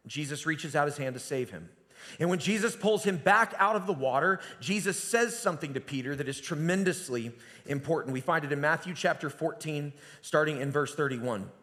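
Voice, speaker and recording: A man giving a sermon as pastor, telling the story conversationally and dropping to a hushed voice at times. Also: a little high. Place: church sanctuary. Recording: long reverb of a church hall.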